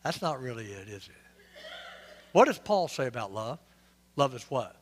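A male pastor with a mid-range voice, very animated and at normal speed, preaches an interactive sermon in a church sanctuary with a big-room sound. Conversational, he quizzes the congregation and tosses in joking asides.

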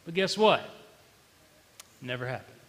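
Male preacher, bright forceful tone, emotional confessional delivery, big church reverb. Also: medium pitch, lively intonation, unhurried. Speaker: pastor. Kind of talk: sermon. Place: church sanctuary.

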